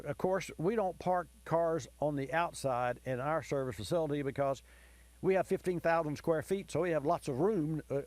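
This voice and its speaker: A man with a slightly high, darkish voice and no echo hosts a call-in car-repair radio show. In a folksy, explanatory way, he walks callers and listeners through diagnostics, giving advice over the phone.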